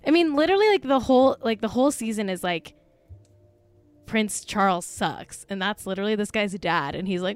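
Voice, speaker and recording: A woman's voice: medium pitch, animated, a little fast, clear, resonant tone, no echo. A woman co-hosting a casual podcast chat, gossipy and blunt, peppering her talk with "like.". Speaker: podcast co-host.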